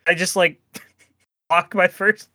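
A man's voice: high-pitched, steady tone, slow pace, pushed and bright, no room sound. A man chatting casually as a podcast co-host, rambling with many restarts and frequent laughs. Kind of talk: casual chat.

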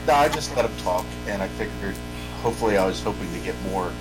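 A man's voice: low voice, animated, quick pace, over loud music, low-quality recording. A man co-hosting a podcast, chatting hesitantly about a video game with many fillers. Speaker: podcast co-host.

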